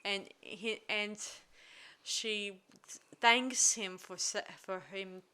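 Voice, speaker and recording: A woman's voice: medium pitch, steady tone, very slow, bright, forceful tone, clean tone. A woman hosting a casual film review podcast, retelling a plot with many fillers and restarts. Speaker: podcast host.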